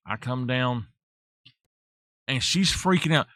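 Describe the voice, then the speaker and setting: A man's voice: medium pitch, slow pace, long pauses, no room sound, studio quality. A man chatting casually and telling stories while streaming a farming game. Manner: relaxed, rambling storyteller. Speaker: gaming streamer. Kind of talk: casual chat while playing.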